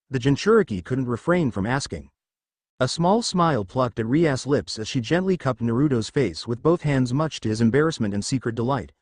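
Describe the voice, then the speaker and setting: Lively dry-voiced male story narrator. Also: medium pitch, moderate pace, no room sound. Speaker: fan fiction narrator. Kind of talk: scripted narration.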